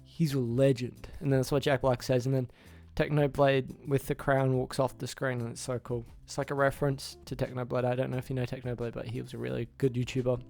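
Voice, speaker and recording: A man's voice: mid-range voice, little pitch movement, quick pace, gravelly, hardly any pauses, darkish tone, faint music behind. A man casually recapping a film's plot for his channel, rambling, restarting names and acting out the characters' lines. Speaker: YouTuber reviewing a film.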